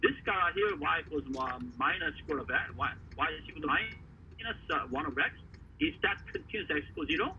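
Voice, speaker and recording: A man teaching a math lesson, talking haltingly with many fillers and quizzing the class. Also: on the high side, animated, sharp tone, distant mic. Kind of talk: classroom lecture at a board. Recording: faraway voice over a tinny, noisy line.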